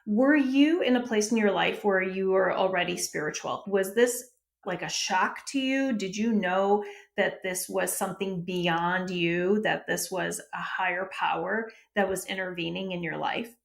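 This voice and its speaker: Woman podcast host, curious, laughs easily, a little fry in the voice. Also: mid-range voice, a little slow. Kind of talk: interview questions.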